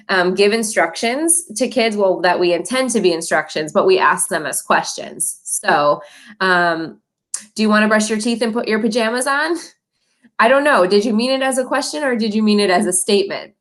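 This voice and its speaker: A middle-aged woman presenting a parent training, friendly and encouraging, with light laughs between points. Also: on the low side.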